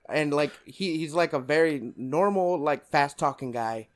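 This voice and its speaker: A man's voice: a little high, lively intonation, a little slow. Man rambling about a film. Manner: rambling, laughing often. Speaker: podcast co-host. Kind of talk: casual film discussion.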